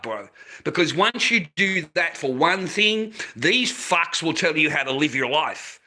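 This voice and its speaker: Aussie bloke, profane ranting vlogger, bright edgy voice. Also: male voice, fairly high pitch, expressive, a little slow. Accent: Australian. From Australia. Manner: profane, swears constantly, ranting. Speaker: vlogger selling handmade masks. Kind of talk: casual rant to camera.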